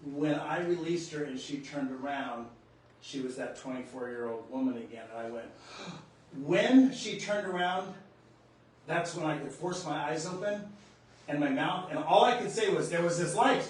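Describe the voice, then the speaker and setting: A man's voice: a little high, normal speed. Earnest older man in an echoey room. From North Dakota, USA. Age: 60s. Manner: earnest and emotional, gasping in awe and trailing off softly. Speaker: podcast host. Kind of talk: personal spiritual storytelling. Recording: echoey room, voice distant from the mic.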